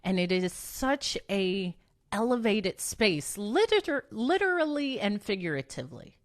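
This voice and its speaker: A woman speaks slowly and thoughtfully, as if telling a story to a friend. She corrects herself mid-sentence and laughs at her own wordplay, and her voice sits at an ordinary middle pitch. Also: big pitch swings. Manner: slow and reflective, with self-corrections and small laughs. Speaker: podcast host. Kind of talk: casual storytelling monologue.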